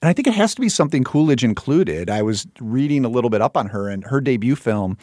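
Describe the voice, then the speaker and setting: A man co-hosting a film podcast, giving a thoughtful, measured film review. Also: mid-range voice, big pitch swings, a little mellow, no room sound, studio quality.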